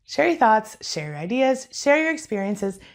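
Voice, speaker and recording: A woman's voice: fairly high pitch, very animated, moderate pace. A woman hosting an explainer video, chatty and speaking straight to her viewers. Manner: chatty, addresses viewers directly. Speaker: host.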